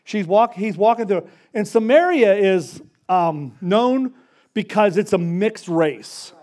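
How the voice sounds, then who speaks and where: A man preaching a casual, story-driven sermon, acting out the characters in quick voices. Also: high voice, lively intonation, darkish tone. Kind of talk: conversational sermon.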